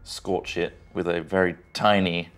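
A man playing in a tabletop game, eager and asking quick questions. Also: low voice, little pitch movement, a bit bright. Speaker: player. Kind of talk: tabletop role-play banter.

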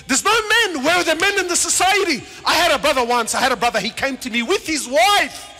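A man preaches with fierce passion, his voice riding high and leaping across a wide pitch range. He swings from ringing shouts down to quiet, hushed asides. A long hall reverb trails behind every line. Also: animated, brisk. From Lebanon. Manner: peppers speech with Arabic words and casual slang. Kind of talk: passionate sermon.

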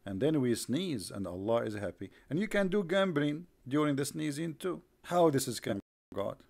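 A man's voice: fairly high pitch, very animated, normal speed, vocal fry. Sarcastic man mocking in live commentary. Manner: sarcastic, mocking, breaks into loud laughter; rhetorical, repeats himself. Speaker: online religious debater hosting a live broadcast.

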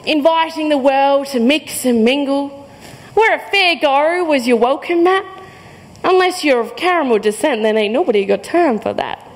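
High-voiced young Australian woman poet. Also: moderate pace. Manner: rhythmic, rhyming, punchy delivery; playful banter with the crowd. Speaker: spoken word poet. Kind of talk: spoken word poetry performance. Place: hall before a live audience. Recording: reverberant hall.

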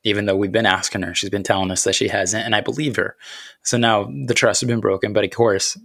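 A man's voice: lowish voice, level tone, a bit bright, no echo, studio quality. A man in his thirties, a podcast host telling a personal story about faith and parenting in an earnest, reflective way. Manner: earnest, reflective, unhurried, with thoughtful pauses.

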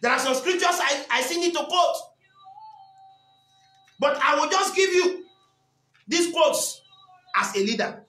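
Male pastor, impassioned shouting sermon, slow delivery, echoey church hall. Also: very high voice, expressive, faint music behind. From Nigeria. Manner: impassioned, often shouting and repeating lines.

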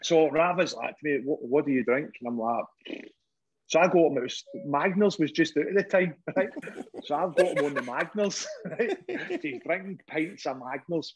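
Husky Scottish man telling stories. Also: on the high side, moderate pace. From Scotland. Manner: laughs often, animated anecdote telling with lots of "right?" and swearing. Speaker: podcast guest, former goalkeeper. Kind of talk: casual storytelling chat.

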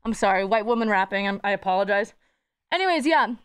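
A woman's voice: mid-range voice, lively intonation, clean tone. A young woman streaming live, chatting casually with her chat, playful and profane. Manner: playful, swearing, quick jumps between topics.

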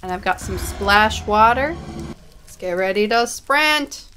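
A woman's voice: medium pitch, animated, unhurried, sharp tone, slight background noise. A woman giving running commentary on her own gameplay, exasperated and self-mocking as she fails and retries. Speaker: gaming channel host.

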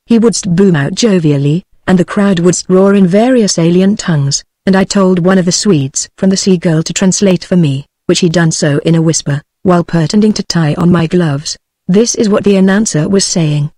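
A woman's voice: lowish voice, moderate pace, no room sound. Synthetic British woman reading aloud. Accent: British English. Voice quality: synthetic, even machine read. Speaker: narrator. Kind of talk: text-to-speech audiobook narration.

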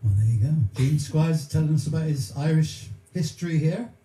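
A man's voice: fairly high pitch, brisk, warm tone. A man hosting a live music stream, chatting casually between songs, teasing and reading out viewer names. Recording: roomy echo with music behind.

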